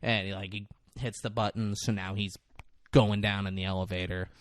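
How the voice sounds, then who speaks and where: A man on a podcast casually recapping a movie plot, jumping into loud, high voices when he quotes the characters. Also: normal speed, no room sound, studio quality. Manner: animated retelling, acting out characters in quotes. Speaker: podcast co-host.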